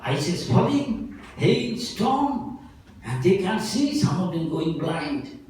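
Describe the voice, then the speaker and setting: A monk giving a sermon, telling a story in a lively, animated way and often breaking into laughter. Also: male voice, sits high, slow, a little hiss or hum. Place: festival hall. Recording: very echoey hall, voice from far off.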